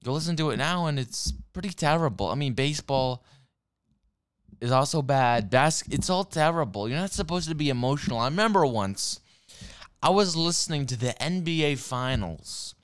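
A man rambles through an angry monologue about sports, cursing freely and stumbling over his own sentences. His voice sits a little high and comes across smooth and resonant. Now and then he pauses to sip whiskey. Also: lively intonation. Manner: rambling, heavy swearing, frequent restarts; sipping whiskey while talking. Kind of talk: profane sports rant monologue.

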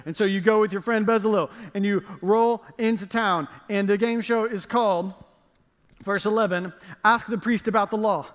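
A man's voice: high voice, steady tone, moderate pace, a bit bright. A male pastor preaching a sermon, telling the story with playful jokes and acted-out asides. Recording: long reverb of a large hall.

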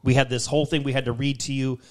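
A man's voice: medium pitch, quick pace. A man in casual chat, telling work stories with lots of swearing and acting out the people in them. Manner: profane, animated, acts out callers and bosses.

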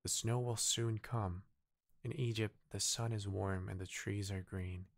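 Small kind devoted bird, earnest storybook voice, slightly lifted but still gravelly, slow, read by a man with a Korean first language. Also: lowish voice, fairly even intonation, no echo, clean studio sound.

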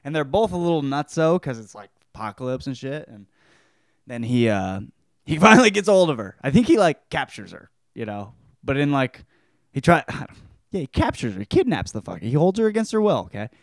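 A man's voice: mid-range voice, sing-song, a little fast, dry recording, studio quality. A man hosting a podcast who gives a rambling, crude and profane book review. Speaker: podcast host.

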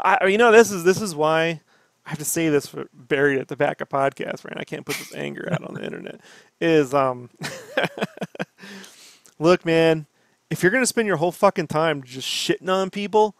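A man riffs on a podcast in a slightly high voice, profane and worked up as he rants. The sound is close and dry, with no room around him. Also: no room sound. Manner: profane, ranting, animated. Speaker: podcast host. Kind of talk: casual podcast chat.

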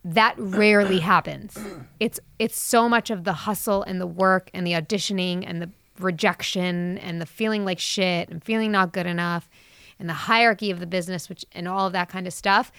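A woman's voice: fairly low pitch, steady tone, moderate pace, gravelly, fairly bright tone, no echo. Woman, thirties, candid chat, swears freely, dry close mic. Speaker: actress and mother, podcast guest. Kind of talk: casual chat.

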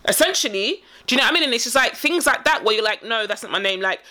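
A podcast co-host with a fairly high voice talks fast in casual chat. She's an animated storyteller who acts out the voices of the people she quotes.

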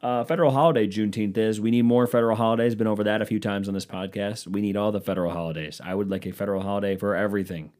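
A man's voice: lowish voice, steady tone, very fast, hardly any pauses, darkish tone. A man hosting his own solo comedy podcast, rambling through profane, self-mocking tangents. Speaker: podcast host.

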